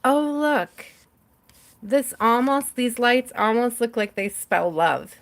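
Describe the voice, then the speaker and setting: A woman's voice: fairly high pitch, lively intonation, measured pace. Chatty, giggly woman reading tarot. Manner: chatty, giggly, addresses viewers by name. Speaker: tarot reader. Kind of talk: live tarot reading for viewers.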